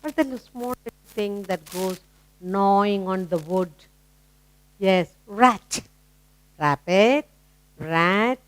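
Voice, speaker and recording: A woman's voice: mid-range voice, slow, pauses often. A woman with an Indian English accent teaching young children phonics, coaxing them with questions and praising their answers.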